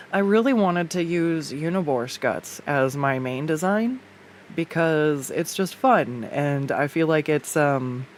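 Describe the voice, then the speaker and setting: Her low voice picked up by a desktop USB condenser mic at home, a woman art streamer chats casually while drawing. She rambles with many fillers and restarts plus the odd swear, and there's slight background noise.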